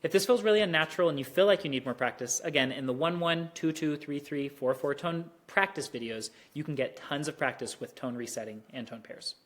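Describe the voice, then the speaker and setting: A teacher giving an online lesson on Mandarin tones, who speaks slowly and carefully and exaggerates the tones to demonstrate them. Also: mid-range voice, fairly bright tone.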